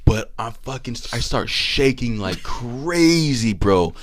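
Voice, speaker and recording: A man in his twenties telling a long story on a podcast, animated and swearing, laughing as he goes. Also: medium pitch, slow pace. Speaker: podcast co-host. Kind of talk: casual storytelling.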